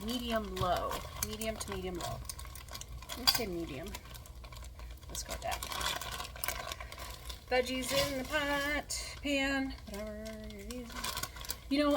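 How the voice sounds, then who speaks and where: A woman's voice: fairly high pitch, noisy background. Chatty woman cooking in her kitchen. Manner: rambling, thinks aloud with fillers. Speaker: cooking vlogger. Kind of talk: casual cooking vlog chat. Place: home kitchen.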